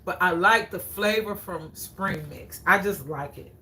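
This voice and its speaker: A woman's voice: fairly low pitch, measured pace, sharp tone, a little hiss or hum. A woman hosting a live cooking demonstration in her kitchen, chatting to viewers and repeating her phrases for emphasis. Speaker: cooking show host. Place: home kitchen. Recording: roomy, distant from the mic.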